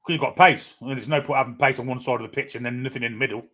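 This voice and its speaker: A man's voice: mid-range voice, steady tone, racing, sharp tone. A brash man argues football tactics on a casual podcast, swearing casually as he talks. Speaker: podcast co-host. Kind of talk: casual fan podcast chat.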